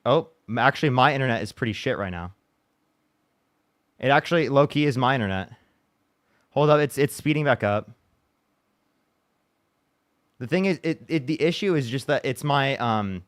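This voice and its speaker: A man hosting a livestream, talking casually and frustrated, swearing and restarting his sentences. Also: medium pitch. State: upset after a bad day. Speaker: livestream debate host.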